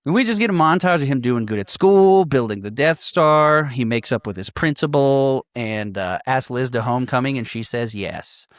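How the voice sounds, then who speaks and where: Brief: male podcast co-host, casual profane movie recap, steady mid voice, dry mic. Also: mid-range voice, moderate pace, hardly any pauses, no echo. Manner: laughing, profane, retells scenes quoting characters.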